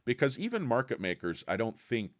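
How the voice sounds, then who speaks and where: A man giving a blunt, insulting, animated rant as a stock market commentator, full of fillers and restarts. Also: mid-range voice, fairly quick.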